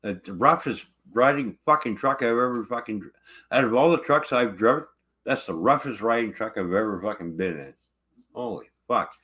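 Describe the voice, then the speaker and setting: A man's voice: medium pitch, animated, moderate pace, bright, forceful tone. A truck driver ranting angrily about his truck, swearing constantly in casual livestream talk.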